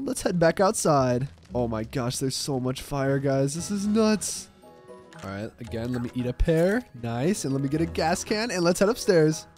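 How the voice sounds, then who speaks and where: A man giving excitable gameplay commentary, often exclaiming and squealing up high when thrilled. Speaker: gaming video creator.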